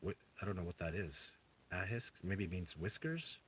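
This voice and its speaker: A man hosting a casual livestream, answering viewer questions in a rambling, halting way with many restarts. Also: low-pitched, sing-song, a bit bright, slight background noise. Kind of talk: casual live chat.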